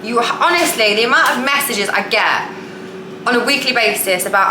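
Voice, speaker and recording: Woman, manifestation coach, casual blunt chat, mid-pitched voice, roomy kitchen echo, clattering dishes. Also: fairly quick, noisy background. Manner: chatty and blunt, with casual swearing. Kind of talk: casual vlog talk while cooking. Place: home kitchen, cooking dinner. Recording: echoey kitchen with cooking clatter.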